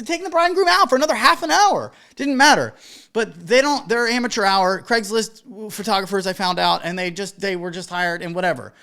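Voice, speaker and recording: Offering a cautionary story to other DJs, this man who works weddings speaks with real animation and emphasis, dropping casual swear words. His pitch is extremely high.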